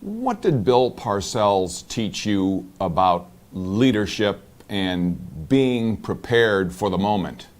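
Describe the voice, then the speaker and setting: A man's voice: fairly low pitch, big pitch swings, slow, few pauses. A man interviewing a guest, setting up formal questions with records and stats.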